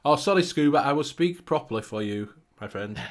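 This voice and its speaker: A man's voice: fairly high pitch, animated, brisk. A man from Leeds with a Yorkshire accent, joking and laughing as co-host of a casual livestream chat. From Leeds, England. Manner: jokey, laughing, chatty.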